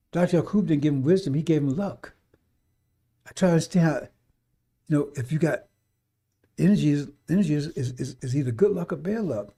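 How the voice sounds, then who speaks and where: Fiery, preachy man with high, dark voice. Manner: fiery, preachy, swears, mimics voices in asides. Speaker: radio talk host. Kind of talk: rambling radio monologue.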